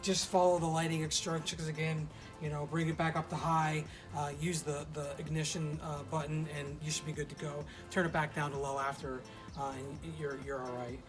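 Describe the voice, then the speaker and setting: A presenter giving a relaxed outdoor cooking demonstration at a pizza oven, often pausing with "uh" and restarting phrases. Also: mid-range voice, rough recording. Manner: relaxed, many "uh" fillers and restarts. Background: loud background music.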